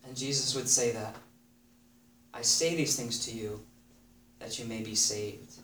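Steady and measured, a man preaches in a mid-range voice that sounds pushed and bright. He reads scripture and drives points home by repeating phrases, captured from a distance in an echoey room with faint background noise.

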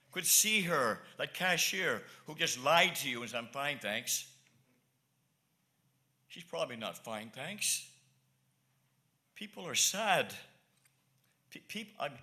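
A man's voice: fairly high pitch, bright, forceful tone. A male evangelist preaching a sermon to his congregation, emphatic and pleading, repeating his points. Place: church congregation.

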